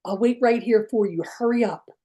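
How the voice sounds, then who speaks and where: A woman voicing her five-year-old self, a frightened little girl pleading for her mother in a hushed, small voice during a told story. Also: medium pitch, normal speed, close to an everyday voice.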